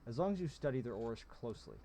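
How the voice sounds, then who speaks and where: A man's voice: mid-range voice, very animated, very fast, mellow, a little hiss or hum. A man reading a cool, guarded woman mage. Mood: matter-of-fact.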